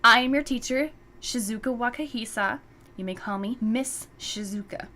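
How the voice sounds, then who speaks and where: A woman voicing a calm, composed female teacher in a visual novel, speaking slowly and evenly. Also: a little high.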